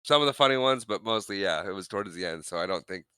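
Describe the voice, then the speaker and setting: Low smooth-voiced man recapping a movie. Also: expressive, quick pace, sharp tone, dry recording. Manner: retells scenes acting out quotes. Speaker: podcast co-host. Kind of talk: casual movie recap chat.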